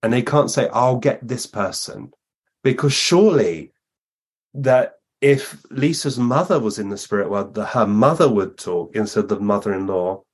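A man, a guest medium, telling lively anecdotes in a podcast interview and acting out the voices he quotes. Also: on the low side, moderate pace, breathy edge.

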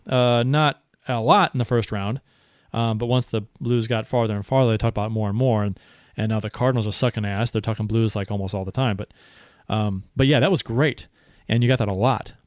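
A man chatting about hockey on a podcast in an excitable rush. He swears freely and keeps restarting his sentences. His voice sits at a middling pitch, recorded dry and close. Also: brisk, no room sound. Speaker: podcast co-host. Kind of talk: casual sports chat.

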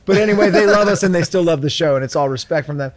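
Wisecracking podcast cohost guy, slightly high voice, dry sarcastic jokes. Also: racing. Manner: joking, sarcastic banter. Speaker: podcast co-host. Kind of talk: casual podcast chat.

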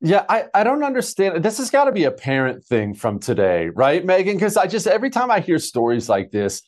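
A man appearing as a guest commentator on a talk show, wry and plain-spoken with halting restarts. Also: sits high, huge pitch swings.

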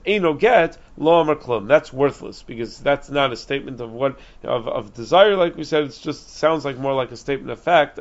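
A man with a mid-range voice teaches a Talmud lesson, explaining quickly and reasoning aloud with frequent restarts, sprinkling in Aramaic and Hebrew terms. The recording is dull and lo-fi.

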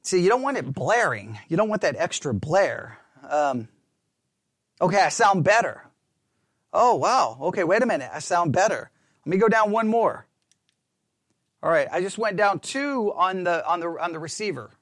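A pastor chatting in a rambling, animated, self-mocking way while testing his lapel mic in a small closed-in room. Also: high voice, normal speed, no echo, clean studio sound. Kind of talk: casual talk while testing a microphone. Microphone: wireless lapel mic with belt-clip transmitter.

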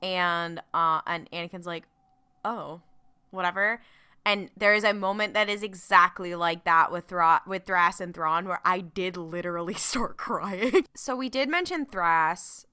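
A woman in casual fan chat, animated and emotional, with many fillers. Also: on the low side, unhurried, clean tone.

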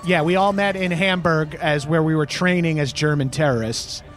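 A man's voice: on the high side, normal speed, a bit bright, soft background music, close to an everyday voice. An actor playing a blustering male terrorist boss who rambles off topic in a comedy audio play. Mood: rambling. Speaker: villain.

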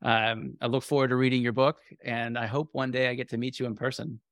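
A man hosting a podcast interview, speaking in a measured, appreciative way with some fillers. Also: mid-range voice, little pitch movement, fairly bright tone, no echo, clean studio sound. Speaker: podcast host.

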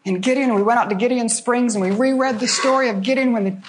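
Older woman guest preacher, high-pitched, emphatic storyteller with dramatic pauses. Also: background noise. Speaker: guest speaker.

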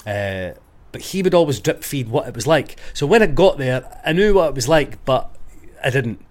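Animated Scottish man telling stories. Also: mid-range voice, normal speed. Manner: animated, sweary, full of filler words. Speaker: podcast guest, hairstylist. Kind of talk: casual storytelling.

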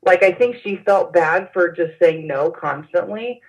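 Hesitant woman on a dull lo-fi line. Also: lowish voice. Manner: hesitant, halting with many fillers. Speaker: interview guest. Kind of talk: personal recollection in an interview. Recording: dull lo-fi sound.

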